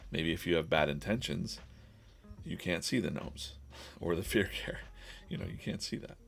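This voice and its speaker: A man's voice: sits low, moderate pace, creaky, fairly bright tone, faint music behind. A man streaming live while drawing comics, chatting casually and rambling, with lots of laughs and silly quoted voices.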